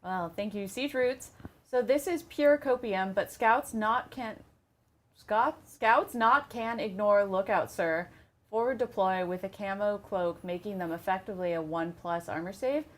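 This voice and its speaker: A woman on a casual podcast reading listener questions aloud in a brisk, matter-of-fact way. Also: mid-range voice.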